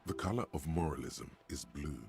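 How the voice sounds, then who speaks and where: A gravelly, grave inner narrator. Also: male voice, darkish tone. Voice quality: gravelly, very deep. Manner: slow, grave, portentous. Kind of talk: game voice acting.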